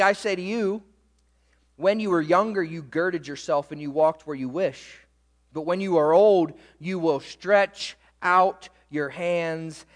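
A man preaching a sermon as pastor, swinging between loud emphasis and quiet, low asides. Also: in a large hall.

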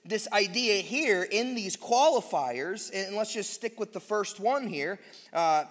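A man's voice: sits high, animated, slow, fairly bright tone. A man preaching a sermon as pastor, teaching emphatically and drawing out key phrases of scripture. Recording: long hall reverb.

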